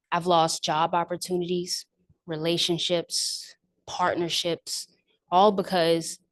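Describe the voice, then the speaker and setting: A woman giving a candid, reflective impromptu answer at a speaking club. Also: lowish voice.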